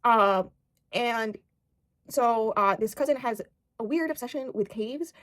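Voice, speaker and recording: A woman's voice: on the high side, unhurried, fairly bright tone. A young American woman chatting casually about books, rambling with lots of fillers and casual swearing. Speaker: book vlogger. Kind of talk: casual book chat.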